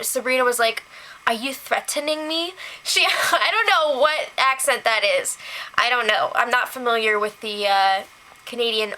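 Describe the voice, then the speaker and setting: A woman's voice: on the high side, sharp tone, poor audio. A young woman chatting casually as she recaps a reality show for her vlog, laughing often and saying "like" a lot. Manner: chatty, giggly, heavy use of "like".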